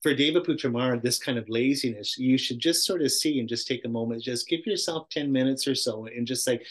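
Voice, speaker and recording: A man's voice: medium pitch, fairly quick, hardly any pauses. Chatty male meditation teacher. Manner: chatty, self-interrupting, acts out voices, laughs often. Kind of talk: casual dharma talk.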